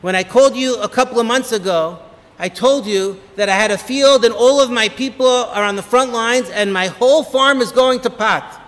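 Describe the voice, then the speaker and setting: A man, a rabbi, giving an inspirational holiday talk full of lively, humorous stories. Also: very high voice, moderate pace. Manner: animated, humorous storyteller. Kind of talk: motivational holiday talk with storytelling. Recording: long reverb of a hall.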